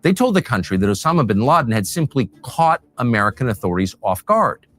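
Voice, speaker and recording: Animated male narrator with a pitch that moves freely, reading a scripted documentary over a faint bed of music. His delivery is measured and pointed, landing each claim firmly.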